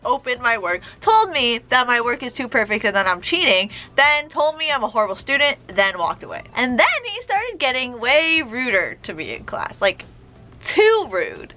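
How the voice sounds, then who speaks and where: A young woman telling a story casually to camera, sarcastic and animated as she acts out both sides of a conversation. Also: a little high. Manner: animated, sarcastic retelling with quoted dialogue. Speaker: vlogger.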